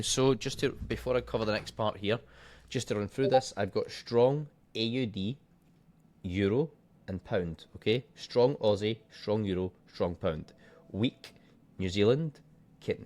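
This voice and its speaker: Casual, swearing trading coach man. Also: on the low side. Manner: offhand, thinks aloud, swears casually. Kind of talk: casual screen-share market walkthrough.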